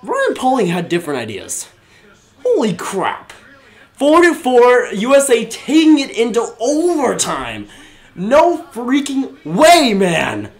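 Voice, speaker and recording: An excitable young man hosts a live watch-along stream, his voice veering from low mumbled comments to shouting and laughing.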